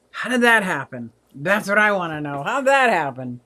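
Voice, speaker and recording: A woman's voice: on the low side, sing-song, normal speed, sharp tone. A woman in her sixties hosting a casual livestream, chatty, laughing often and reading viewer comments aloud. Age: 60s. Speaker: aquarium channel host.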